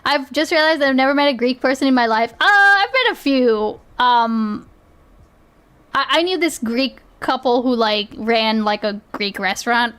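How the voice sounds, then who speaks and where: A woman's voice: fairly high pitch, normal speed, a bit bright, smooth. A young woman streaming, chatting casually as she reacts to clips, laughing often and asking "okay?" a lot.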